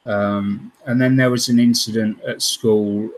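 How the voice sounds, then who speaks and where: A man's voice: lowish voice, steady tone, a little slow, rough recording. A man hosting a modelling livestream, telling stories from his past in a rambling, hesitant way full of ums and restarts. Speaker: scale modelling channel host. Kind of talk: casual livestream storytelling.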